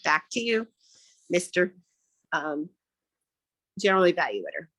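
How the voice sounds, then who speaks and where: Bright-voiced woman giving candid feedback. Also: fairly low pitch, sing-song, unhurried, dry recording. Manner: friendly, candid, hesitant with fillers. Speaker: speech evaluator. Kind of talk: meeting speech feedback on a video call. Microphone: video call.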